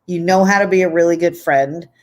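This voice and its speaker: Woman, guest, effusive, playful, warm, casual video call. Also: on the low side, brisk.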